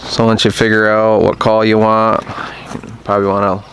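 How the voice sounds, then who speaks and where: A man's voice: on the low side, monotone, moderate pace, a bit bright, slight background noise. A man casually explaining a hunting call outdoors, plainspoken and self-deprecating. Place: outdoors in bright sun.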